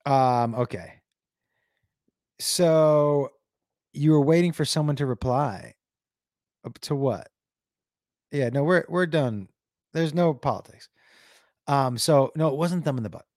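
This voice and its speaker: Halting, fairly high-voiced man streaming. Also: darkish tone, no echo, studio quality. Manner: halting, full of restarts and fillers. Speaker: livestream host. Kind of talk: casual storytelling to a live chat.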